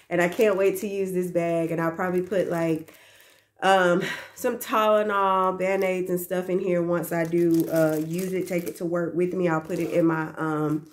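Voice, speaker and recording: A woman's voice: fairly low pitch, a little mellow. A young woman who works as a daycare teacher, chatting casually to the camera about her gifts in a gushing, repetitive way and talking to viewers as y'all. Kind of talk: casual gift haul chat to camera.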